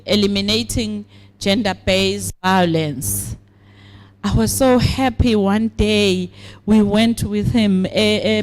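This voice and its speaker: A woman with a Swazi accent giving a formal speech at a program launch, deliberate and pausing often. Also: mid-range voice. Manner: deliberate, with frequent hesitations. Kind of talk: formal speech mixing English and siSwati.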